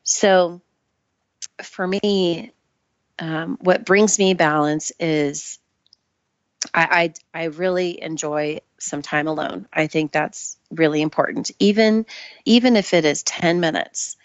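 Brief: woman guest, very low voice, thoughtful and measured, lo-fi dry remote sound. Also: steady tone, no room sound. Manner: thoughtful, measured, restarts phrases. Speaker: Ayurvedic practitioner guest. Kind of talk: casual interview chat.

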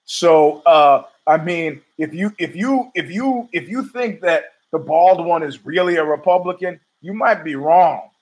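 A man's voice: on the high side, measured pace, hardly any pauses, low-quality recording. A middle-aged man hosting a podcast, rambling through a profane, opinionated monologue full of restarts. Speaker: podcast host.

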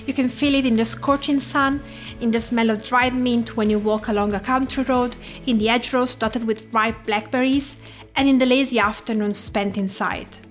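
Italian woman narrating a cooking podcast. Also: a little high. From Tuscany, Italy. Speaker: podcast host. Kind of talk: scripted narration.

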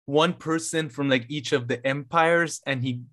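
A man co-hosting a podcast in relaxed casual chat, easygoing and full of "like". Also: fairly high pitch, normal speed. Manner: easygoing, laughs along, uses "like" often. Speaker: podcast co-host.

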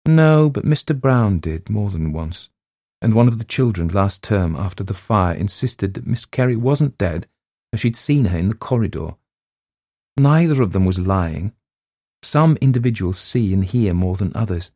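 Man putting on a no-nonsense middle-aged schoolmistress from a storybook, crisp and firm, voice raised above his low dry tone, close dead-sounding room. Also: lively intonation, normal speed, mellow, no echo. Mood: brisk. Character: brisk middle-aged woman school head, practical. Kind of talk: storybook reading.

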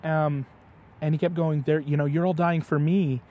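A man's voice: a little high, fairly even intonation, normal speed, narrow, tinny audio. Eager young man retelling a story. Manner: passionate retelling, stumbles over repeated "and". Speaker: guest, host's son. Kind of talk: casual storytelling chat.

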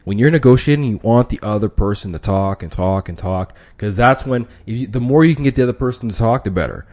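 Brief: male podcast host, lowish voice, casual slangy explainer. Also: animated, fast talker, darkish tone. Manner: conversational, many restarts, slangy. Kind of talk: casual instructional talk.

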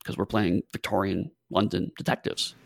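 A man's voice: low voice, flat delivery, moderate pace, vocal fry, no room sound, clean studio sound. A man co-hosting a podcast, talking in a reflective, hesitant way with many fillers. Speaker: podcast co-host, game master. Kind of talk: casual chat.

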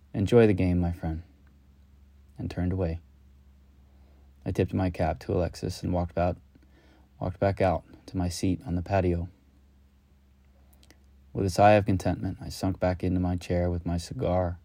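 Deep, gravelly man telling a story. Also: dark tone, dry recording. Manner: slow, measured, lyrical. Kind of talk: reflective spoken-word storytelling.

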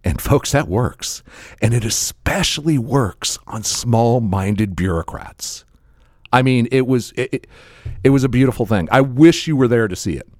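A man's voice: mid-range voice, lively intonation, measured pace, darkish tone, no room sound, clean studio sound. A man co-hosting a podcast in casual chat, laughing often and stumbling over repeated words. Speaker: podcast co-host.

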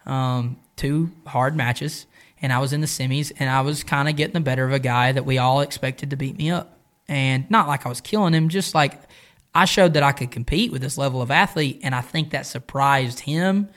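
A man talking casually on a podcast about coaching and training, relaxed and rambling with a self-deprecating manner. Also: mid-range voice, normal speed. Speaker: podcast guest, jiu-jitsu coach. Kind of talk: casual chat.

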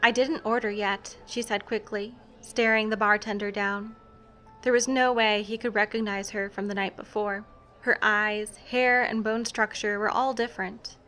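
A woman narrating a scripted story in an even, measured way, with faint instrumental music behind. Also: medium pitch, a little hiss or hum.

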